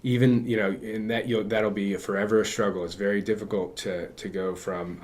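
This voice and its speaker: A man's voice: fairly low pitch, level tone, normal speed, few pauses, darkish tone, a little hiss or hum. A man guesting on a casual podcast interview, talking in a rambling way with many restarts. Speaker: guest physical therapist. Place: in person with hosts.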